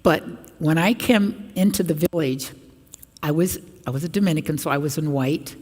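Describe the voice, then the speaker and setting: An older woman, a religious sister, giving an animated storytelling talk to a congregation at a parish mission, acting out the people in her stories. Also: sits low, normal speed. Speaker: guest speaker at a parish mission. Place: large church. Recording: reverberant church hall.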